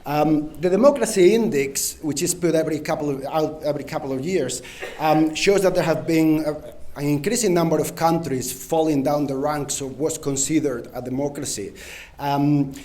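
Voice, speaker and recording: A man's voice: fairly high pitch, moderate pace, a little mellow. Spanish-accented man giving a conference talk. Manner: frequent ums and uhs, engages the audience with direct prompts. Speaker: conference speaker. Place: conference hall stage.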